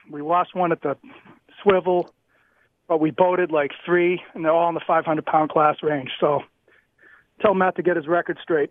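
A man's voice: sits high, no echo. A man calling in to a sports radio show, talking in an eager, rambling way. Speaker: caller. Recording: tinny phone line.

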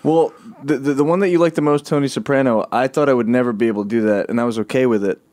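A man in casual podcast talk, loose and profane, laughing between lines. His pitch sits in a plain middle range. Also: fast talker, a little mellow. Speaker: impressionist guest.

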